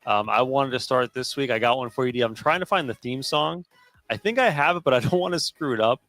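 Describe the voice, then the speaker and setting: A man's voice: medium pitch, a little fast, a bit bright, no echo, soft background music. Male podcast co-host, loose and chatty, dry close-mic sound. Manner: chatty, loose, laughs often. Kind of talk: casual sports chat.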